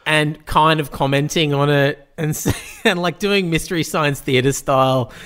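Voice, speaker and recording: A playful man chats about films, joking and swearing freely. His voice sits a little higher than most men's. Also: steady tone, normal speed, a bit bright, smooth. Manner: laughing, playful, profane. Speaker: podcast co-host. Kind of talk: casual chat.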